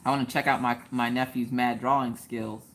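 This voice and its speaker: A woman's voice: a bass voice, steady tone, fairly quick, a little hiss or hum. A woman hosting a casual craft live stream, joking around and answering viewers in the chat by name.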